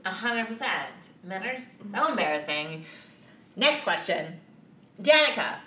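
A woman's voice: medium pitch, very animated, a little slow, bright, forceful tone, a little hiss or hum. A woman co-hosting a podcast in casual chat, laughing often and swearing freely. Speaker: podcast co-host. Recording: echoey room, mic at a distance.

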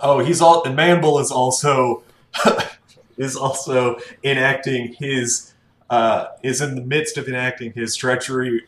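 A man's voice: medium pitch, fairly even intonation, measured pace, a bit bright, roomy sound. A man co-hosting a casual podcast, chiming in with wry jokes. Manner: wry, joking asides. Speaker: podcast co-host. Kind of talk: casual chat.

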